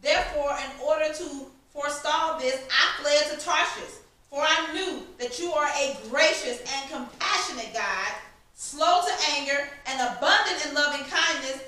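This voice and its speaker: Lady reading scripture, high bright voice, way off mic in a big echoey room. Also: a little slow, distant mic. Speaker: scripture reader.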